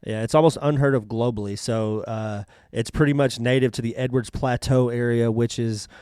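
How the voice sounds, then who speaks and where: A man's voice: medium pitch, steady tone, normal speed, darkish tone, clear, resonant tone, no echo, clean studio sound. A man co-hosting a podcast, offering factual asides in casual chat and apologizing for interrupting. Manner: adds fact-heavy asides, apologetic about interrupting. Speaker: podcast co-host.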